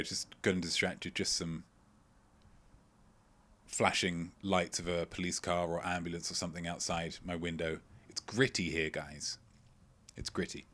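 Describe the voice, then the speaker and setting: A man's voice: sits low, a bit bright. A man hosting a live-streamed quiz from home, reading out chat messages with playful, rambling asides. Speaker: quiz host. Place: at home, indoors.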